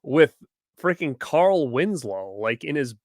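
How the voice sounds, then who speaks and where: A man's voice: a little high, big pitch swings, slow, no room sound, studio quality. A man co-hosting a casual livestream, rambling and incredulous, laughing often over a video call. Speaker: co-host.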